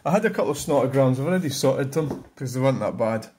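A man's voice: medium pitch, lively intonation, fast, background noise. Blunt older Scottish man muttering along. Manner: muttering, blunt, swears freely. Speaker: YouTuber giving a channel update. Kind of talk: casual rambling chat.

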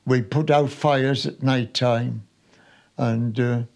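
A man in his nineties from Sunderland, a war veteran recalling his wartime memories for an interviewer in an unhurried, chatty way, with small restarts. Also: mid-range voice, fairly even intonation, vocal fry, darkish tone. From Sunderland, North East England. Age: 90s.

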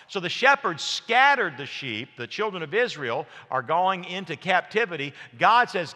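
A man's voice: fairly high pitch, sing-song, moderate pace, hardly any pauses, bright, forceful tone, in a large hall. A man preaching a sermon in a church, folksy and anecdotal, with frequent fillers and restarts. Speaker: pastor. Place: church sanctuary.

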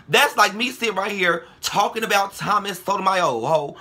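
Young man, bright cutting voice, slightly high pitch, brash profane vlog rant. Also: moderate pace, few pauses, husky. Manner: brash, heated, profane, calls viewers girl and ho. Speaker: vlogger.

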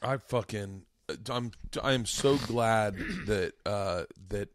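A man's voice: on the low side, no echo, clean studio sound. A man hosting a podcast, chatting loosely with plenty of swearing. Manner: loose and profane, quick to laugh. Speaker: podcast host. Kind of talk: casual podcast chat. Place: podcast studio.

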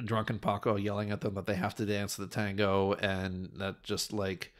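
A man co-hosting a casual podcast chat, talking in halting bursts with many restarts and fillers, and laughing often. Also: lowish voice, a bit bright. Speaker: podcast co-host.

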